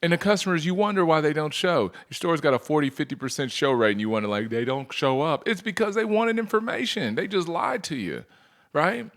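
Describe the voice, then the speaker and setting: A man coaching salespeople talks a little fast, his voice on the high side. Full of energy, he rattles off rhetorical questions to the audience and performs sample customer dialogues.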